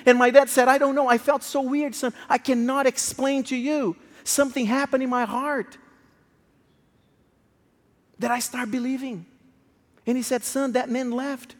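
High-voiced man preaching in a reverberant hall. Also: moderate pace. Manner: emotional, swings from hushed to raised. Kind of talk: sermon storytelling.

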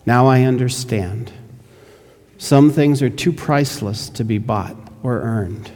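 A preacher putting on a humble old pearl diver, a grieving father who speaks earnestly and pleadingly, a little raised in pitch and louder than plain talk. The voice carries a long reverb, as if in a large hall. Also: slow.

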